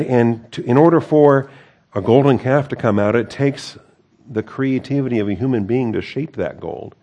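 With a mellow, mid-pitched voice, a male Bible teacher reads a passage aloud, then breaks off to comment conversationally, tossing in wry remarks and self-corrections.

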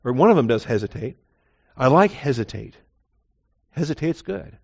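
A man's voice: medium pitch, animated, normal speed, gravelly, husky. A man teaching verse by verse through a Bible passage, conversational and digressive, correcting himself as he goes. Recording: dull lo-fi recording.

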